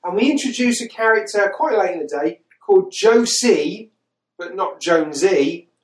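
A man's voice: high voice, animated, moderate pace, echoey room, rough recording. Incredulous sweary man recapping a film. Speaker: podcast host. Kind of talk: casual film recap chat.

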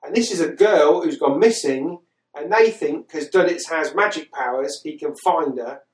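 A man's voice: fairly high pitch, moderate pace, reverberant, poor audio. A man hosting a podcast, recapping a film in casual chat with exasperated, sweary incredulity. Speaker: podcast host.

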